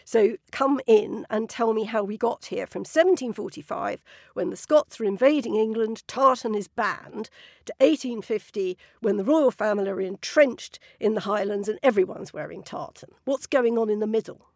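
A woman hosting a conversation, asking articulate, measured questions. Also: medium pitch, vocal fry, darkish tone, no room sound, studio quality. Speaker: host. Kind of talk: conversational interview.

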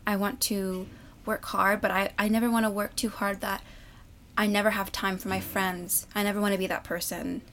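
A young American stage actress chats candidly in a casual interview, laughing easily. Her voice is medium-pitched and a bit bright, with a flat delivery at a moderate pace, over slight background noise.

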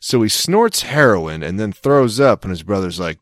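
A man's voice: fairly low pitch, big pitch swings, normal speed, no echo, clean studio sound. A young adult man, a podcast co-host, telling rambling stories and acting out the people he quotes in casual chat. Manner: rambling storyteller who acts out quoted voices.

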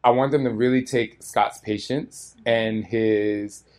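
A man's voice: fairly low pitch, steady tone, slow pace, darkish tone. A man speaking as a featured guest at a live audience Q&A, earnest and emotional, rambling as he goes. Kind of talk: heartfelt live Q&A talk.

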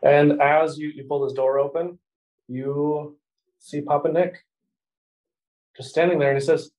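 A man narrating as game master of a tabletop role-playing game, relaxed and laughing often. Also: a little high, a little slow, pauses often, low-quality recording.

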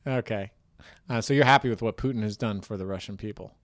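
A man's voice: on the low side, quick pace, no room sound, clean studio sound. A man hosting an improvised comedy chat, bantering playfully.

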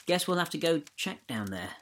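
A man's voice: fairly high pitch, sing-song, normal speed, fairly bright tone, voice pushed up. A jumpy, unsure young man caught in a haunted basement, voiced by a man reading a ghost story. His lines sit a little above the reader's narration and are delivered hesitantly. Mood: startled.

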